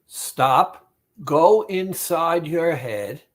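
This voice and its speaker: Male therapist, fairly high voice, slow and emphatic, motivational talk straight to the listener. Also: animated. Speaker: weight-loss therapist.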